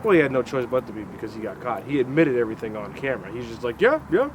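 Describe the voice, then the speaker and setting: A man's voice: mid-range voice, racing, noisy background. A man from Alaska co-hosting a casual outdoor chat, acting out quotes in funny voices. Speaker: co-host.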